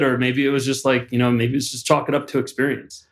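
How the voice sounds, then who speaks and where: A man's voice: medium pitch, little pitch movement, fast talker, creaky. A man interviewing a guest, asking loose, searching questions full of fillers. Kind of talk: casual interview.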